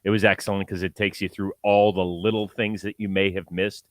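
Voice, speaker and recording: A man hosting a casual sports talk show, animated and quick to laugh as he tells stories. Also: sits low, no room sound. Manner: animated, laughing, excitable storyteller.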